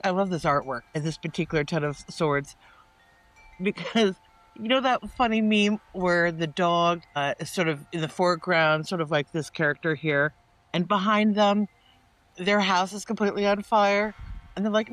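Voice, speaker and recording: A man giving a casual spoken tarot reading. He rambles and often restarts his sentences, and he turns lively when he quotes people. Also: high-pitched, moderate pace. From northeastern United States. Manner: chatty and meandering, with many restarts and asides; animated when quoting people in mock-casual voices. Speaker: tarot reader.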